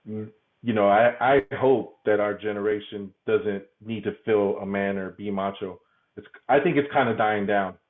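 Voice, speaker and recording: A man speaking candidly as a podcast guest, laughing often and stumbling over repeated words. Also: fairly low pitch. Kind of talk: candid conversational interview. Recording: tinny phone-like remote line.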